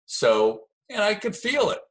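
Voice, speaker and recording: A middle-aged man telling a story in a relaxed, chatty way, acting out the voices of the people in it. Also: high-pitched, measured pace. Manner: animated storyteller, acts out quoted voices. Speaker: guest telling stories of early jiu-jitsu. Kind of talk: casual storytelling.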